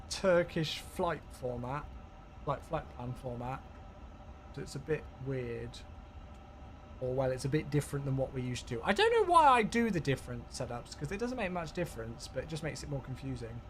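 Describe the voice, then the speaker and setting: A man runs a live flight sim stream from his home setup, chatty and thinking aloud. His voice sits high and swings widely in pitch. A faint hiss stays under him. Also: very animated, moderate pace. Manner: chatty, thinking aloud, thanking viewers warmly.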